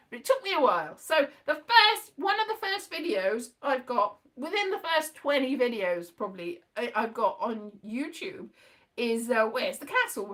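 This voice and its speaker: High, lively, giggly woman vlogger. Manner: giggly, self-mocking, rambling. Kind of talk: casual rambling chat to viewers.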